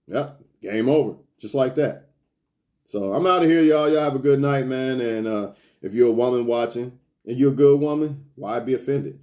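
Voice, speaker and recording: A man talks straight to camera, lecturing his viewers in a blunt, profane, street-casual way. His voice sits at an ordinary middle pitch for a man. He repeats his points and hammers them home with emphasis. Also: a little mellow. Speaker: self-improvement vlogger. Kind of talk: casual preachy monologue to viewers.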